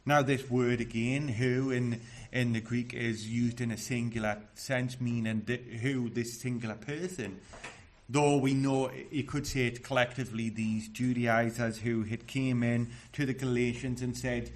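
A man's voice: mid-range voice, steady tone, moderate pace. Male preacher, earnest and emphatic sermon delivery, mid-range voice. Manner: earnest, emphatic, with repeated restarts.

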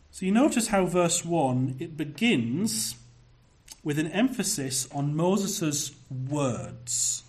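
Man preaching with slow, stressed phrases. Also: a little high, darkish tone. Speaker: pastor. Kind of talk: sermon.

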